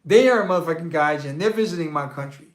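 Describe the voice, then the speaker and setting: A man hosting a casual monologue, answering viewer questions in a blunt, profane, rambling and animated rant. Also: on the high side, fast. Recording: roomy echo.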